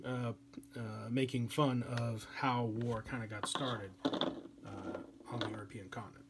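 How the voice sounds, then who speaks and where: A man's voice: mid-range voice, level tone, measured pace, background noise. A man giving a history lecture as a teacher, speaking in a casual, chatty way with many fillers. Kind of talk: classroom lecture.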